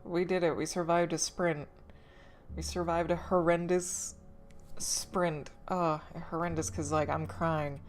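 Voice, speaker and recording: A woman's voice: fairly low pitch, level tone, a little slow. A young woman chatting casually on a livestream, tearful and laughing between words. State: tearful, crying. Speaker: streamer. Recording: faint background music.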